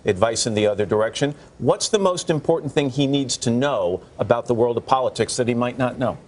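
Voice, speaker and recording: A man hosts a TV morning show interview with friendly, brisk questions. His voice sits at an everyday middle pitch. A faint background hiss runs under it. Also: a little mellow. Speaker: TV host, interviewer.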